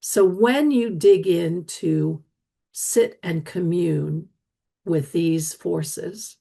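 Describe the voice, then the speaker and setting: A middle-aged woman hosting a talk on energy medicine, telling a reflective story slowly and earnestly, with soft restarts and repetitions. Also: fairly low pitch, gravelly, slightly rough. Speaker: podcast host and speaker on energy medicine.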